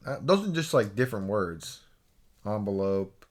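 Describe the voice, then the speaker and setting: A man's voice: on the low side, very animated, moderate pace. A young adult man co-hosting a podcast, chatting casually and often trailing off mid-thought. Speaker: podcast co-host. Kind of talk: casual chat.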